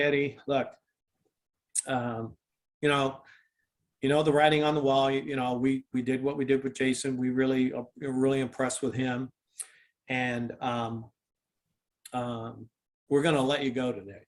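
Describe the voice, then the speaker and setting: A man's voice: mid-range voice, flat delivery, unhurried, long pauses. An older man, a former football kicker, telling a long story in a casual interview, with many restarts and fillers.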